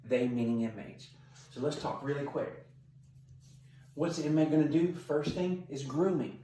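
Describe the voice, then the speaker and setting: A man's voice: fairly high pitch, moderate pace, dark tone. A middle-aged man, a corrections sergeant, giving blunt, emphatic training advice to camera. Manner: blunt, emphatic, tough-talking. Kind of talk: instructional talk to camera. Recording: roomy sound, mic at a distance.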